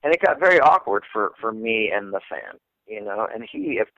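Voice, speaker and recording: A man, a guest comedian, telling a story in casual, animated talk, swearing freely and acting out the people in it. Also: on the low side, fairly quick, dry recording, phone-quality sound.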